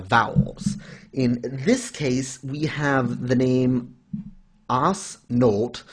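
Casual male co-host with a middle-pitched voice who lectures in a playful, mock-formal tone. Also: breathy edge. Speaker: podcast co-host. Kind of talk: casual anime discussion.

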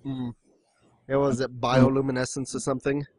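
This podcast host talks at a moderate pace in a medium, slightly mellow voice that barely moves in pitch. He's there for casual chat, full of jokes and the odd quote delivered in someone else's voice.

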